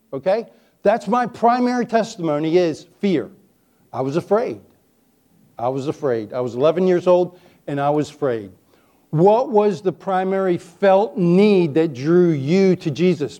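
Folksy preacher man with a mellow voice. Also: high voice. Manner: folksy, joking storyteller. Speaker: preacher teaching on testimony. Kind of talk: folksy sermon.

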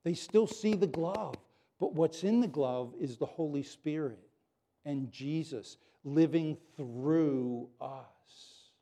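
A pastor preaching a sermon to his congregation, earnest and animated, dropping to soft prayer at times. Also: a little high, takes it slowly.

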